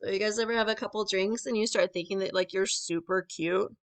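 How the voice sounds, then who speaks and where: A woman's voice: medium pitch, fairly even intonation, brisk. A young woman doing conversational stand-up comedy, chatty with lots of filler words and rising asides to the crowd.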